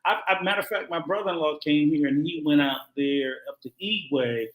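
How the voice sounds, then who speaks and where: A man's voice: fairly high pitch, normal speed, narrow, tinny audio, a little hiss or hum. Blunt, profane man in an echoey room. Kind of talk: casual chat.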